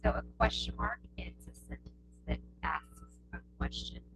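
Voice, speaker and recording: A woman's voice: mid-range voice, background noise. A woman teaching a test prep lesson on punctuation, patient and repetitive, often checking in with "okay?". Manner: slow, patient, repeats points with checking "okay?". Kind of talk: classroom lesson explaining punctuation.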